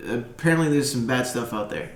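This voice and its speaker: A man doing a wry, gruff stable hand. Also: mid-range voice, fairly quick, close to an everyday voice. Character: gruff blunt male stable hand, sardonic. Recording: echoey room with music behind.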